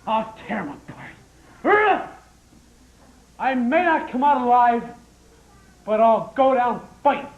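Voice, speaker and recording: A man's voice: extremely high pitch, unhurried. A man playing a cowardly lion in a stage play, blustering and comic. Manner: blustering then timid, comic. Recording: echoey dull stage recording with music.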